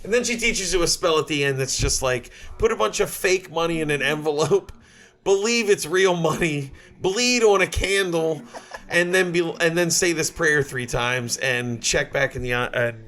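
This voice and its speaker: A man's voice: a little high, moderate pace, a bit bright. A man co-hosting a comedy podcast, telling a story in a rambling, profane way and often laughing. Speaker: podcast co-host. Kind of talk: casual comedic chat.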